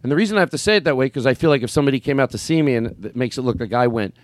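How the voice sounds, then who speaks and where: A man, a comedian and podcast host, telling a story in casual chat, animated, swearing and acting out his own lines. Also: mid-range voice, very fast, no room sound.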